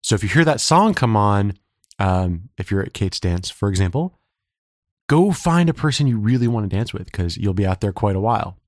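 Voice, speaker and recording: A man co-hosts a podcast, chatting in a casual, joking way. His throat is slightly scratchy. His voice sits a little low, and the sound is dry and close. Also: big pitch swings, normal speed, no room sound. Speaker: podcast co-host.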